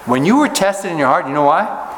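A male pastor preaches a sermon with scripture reading in a church sanctuary with a long echo and faint ambient noise. His voice is on the high side, bright, animated and brisk. Folksy and conversational, he keeps turning to listeners with rhetorical questions.

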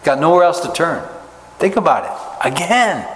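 A man's voice: on the high side, big pitch swings, normal speed, fairly bright tone. A man preaching a sermon, reading scripture and explaining it in a folksy, conversational way, often asking his listeners rhetorical questions. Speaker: pastor. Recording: echoey hall with faint ambient noise.

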